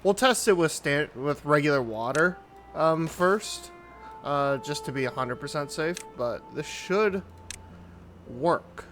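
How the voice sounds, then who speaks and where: A man giving casual commentary on his own gameplay, thinking aloud as he builds in a relaxed way. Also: fairly high pitch, slow pace, faint music behind. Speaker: gaming YouTuber. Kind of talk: casual let's-play commentary.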